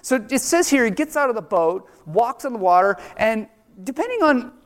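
A man preaching a sermon in a chatty, animated way, acting out the voices in the story. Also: very high-pitched, normal speed. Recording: long reverb of a large hall.

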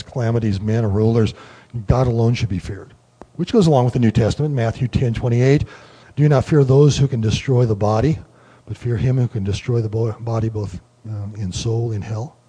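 A man giving a relaxed Bible study lecture, explaining word meanings and thinking aloud with many fillers. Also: medium pitch, breathy edge. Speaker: Bible teacher.

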